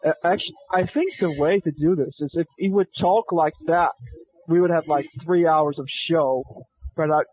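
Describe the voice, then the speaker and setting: A man's voice: a little high, normal speed, breathy edge, no room sound. A man co-hosting a casual banter podcast, rambling and self-mocking, on dull lo-fi audio. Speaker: podcast co-host. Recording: dull lo-fi stream audio with faint noise.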